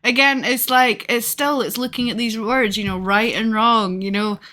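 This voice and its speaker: Bright-voiced chatty woman podcaster. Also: on the high side, steady tone, moderate pace. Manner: chatty, laughs often, many fillers. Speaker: podcast co-host. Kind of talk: casual conversation.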